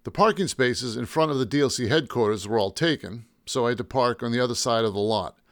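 A man narrating a first-person story in a wry, deadpan way. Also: medium pitch, quick pace, no room sound, clean studio sound. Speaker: audiobook narrator.

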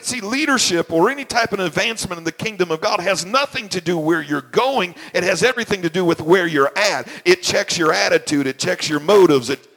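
A male pastor delivers a sermon in a high, bright voice. He sounds worn out and preaches with stop-and-start emphasis, doubling back on his own words as he builds his point. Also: gravelly. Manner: emphatic, repeats and restarts phrases. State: tired. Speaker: senior pastor.

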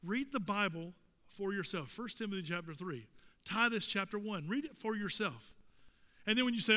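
High-voiced, emphatic male preacher. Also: lively intonation, normal speed, bright, forceful tone, in a large hall. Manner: emphatic, rhetorical questions to the congregation. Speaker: pastor. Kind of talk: sermon. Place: church sanctuary.

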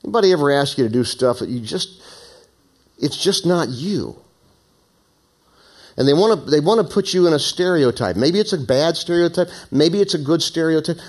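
A man's voice: on the high side, expressive, moderate pace. Man preaching with dramatic readings. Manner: conversational, asides to the congregation; dramatic reading with raised emphasis. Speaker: pastor. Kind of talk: sermon with Bible reading.

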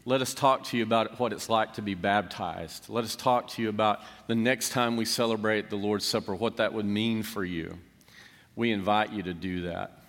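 A man's voice: lowish voice, a bit bright. A man preaching a sermon as pastor, earnest, building emphasis with rhetorical questions. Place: church sanctuary. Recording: long church hall reverb.

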